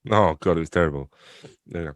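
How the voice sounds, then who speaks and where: A man's voice: low-pitched, brisk, dry recording, clean studio sound. A young man from England who runs a theatre company, chatting casually as a guest, joking at his own expense and swearing loosely. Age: young adult. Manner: joking, self-deprecating, laughs often, swears casually. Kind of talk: casual interview chat.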